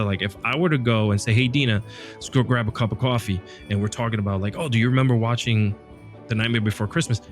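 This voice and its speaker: A man hosting a podcast, chatting casually about films, often breaking off mid-thought and laughing. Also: lowish voice. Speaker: podcast host. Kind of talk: casual film chat.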